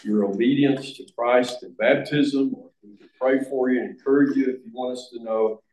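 A man's voice: medium pitch, steady tone, moderate pace, a little mellow. A man preaching a sermon in a church, earnest and emphatic, sometimes restarting his phrases. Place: church sanctuary. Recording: echoey church room.

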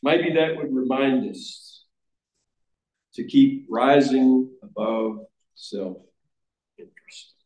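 A man's voice: mid-range voice, very slow, pauses often, darkish tone. A man preaching a sermon in a church, earnest and emphatic, sometimes restarting his phrases. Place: church sanctuary. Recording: echoey church room.

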